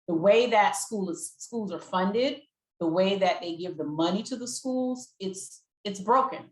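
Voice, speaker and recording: A woman's voice: medium pitch, unhurried. Emphatic woman co-host in an echoey room. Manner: emphatic, repeats her points. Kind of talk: conversational interview.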